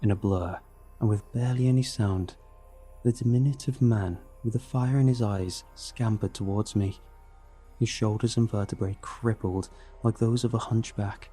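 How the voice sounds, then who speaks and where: A man narrating a horror story in a steady, dramatic scripted reading. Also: on the low side, moderate pace, slightly rough, faint music behind.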